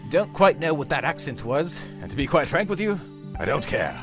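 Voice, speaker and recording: A man's voice: on the high side, big pitch swings, moderate pace, soft background music. A man hosting a gameplay video, rambling with absurd jokes and calling the listener dude. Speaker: gaming video host.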